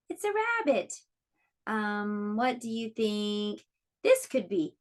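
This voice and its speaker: A woman teaching an online preschool lesson, speaking slowly and encouragingly to small children. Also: on the high side, animated. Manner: slow, encouraging, clearly explaining to small children.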